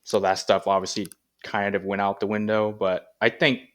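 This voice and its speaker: Brief: laid-back athlete guest, low voice, casual and rambling. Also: male voice, moderate pace. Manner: relaxed, rambling with many fillers. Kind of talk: casual interview chat.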